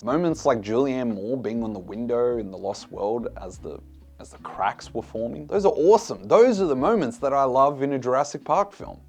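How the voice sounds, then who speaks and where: A man of middle pitch talks through a film review in a casual, blunt way. He sounds exasperated and swears often. Soft music plays faintly underneath.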